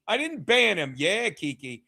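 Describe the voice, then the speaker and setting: A man hosting a casual sports watchalong live stream. He reads chat aloud, laughs a lot, swears freely and sometimes shouts at viewers. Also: high voice, big pitch swings, a little slow, vocal fry, husky.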